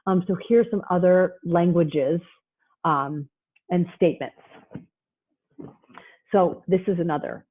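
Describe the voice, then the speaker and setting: A woman presenting on parenting in a casual talk over a video call, chatty and acting out parents and kids in quick asides. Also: on the low side, husky. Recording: tinny phone-like line.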